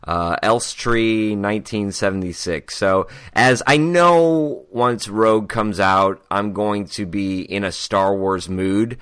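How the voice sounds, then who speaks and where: A man's voice: on the low side, slow, few pauses, a bit bright, clear, resonant tone, no room sound, clean studio sound. A man co-hosting a casual podcast, laid-back and joking. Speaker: podcast co-host.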